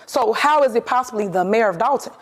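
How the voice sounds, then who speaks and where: A woman's voice: on the high side, expressive, quick pace. A woman, a mayor, answering interview questions in an assertive, defensive way, repeating her points firmly.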